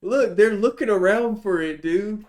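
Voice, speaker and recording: A man streaming live, reacting to a match in a casual, excitable, profane way and laughing often. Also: high-pitched, unhurried.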